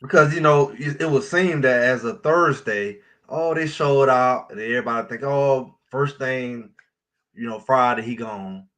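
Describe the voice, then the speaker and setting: A man on a live sports talk show, giving his take in a relaxed, reflective, loose way. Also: medium pitch, measured pace.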